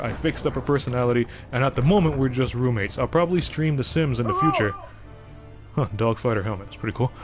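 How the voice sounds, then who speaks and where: A young man streaming live, chatting casually in a rambling way with lots of fillers and restarts. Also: medium pitch. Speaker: game streamer.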